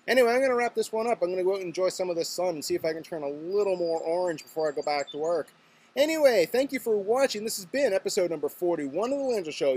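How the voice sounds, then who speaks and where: A man's voice: high voice, a little mellow. A man from Nova Scotia, hosting his vlog in a chatty, joking storytelling way. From Nova Scotia, Canada. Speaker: vlog host. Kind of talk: casual talk to camera.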